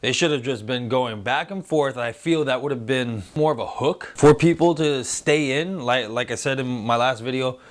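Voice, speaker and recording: A man in his thirties hosts a casual review show at an ordinary, middle pitch. He talks loosely and swears freely. He slips into goofy voices when he quotes others. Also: moderate pace, few pauses. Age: 30s. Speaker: host. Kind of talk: casual spoiler review chat.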